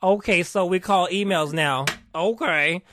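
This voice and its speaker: Animated, profane woman telling a story. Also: on the low side, a little slow, slight background noise. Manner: animated and profane, acting out quotes. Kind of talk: casual storytime rant.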